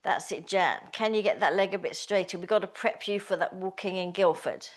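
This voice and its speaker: Speaking briskly in a lower voice, a woman coaches a small Pilates class live. As the instructor, she keeps her cues upbeat, encouraging and conversational.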